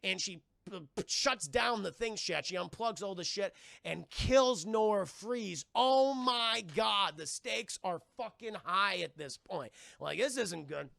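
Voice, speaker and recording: A man's voice: high voice, a little slow, gravelly, pushed and bright, no room sound, clean studio sound. A man live-streaming a film recap, rambling with lots of swearing and often talking to his chat. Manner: profane, rambling, addresses chat.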